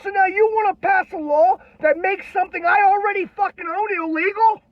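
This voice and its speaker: A man, a military veteran, delivering an angry political rant on video, irate and heavily profane, often shouting. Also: very high-pitched, steady tone, brisk, no echo. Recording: dull lo-fi, dry sound.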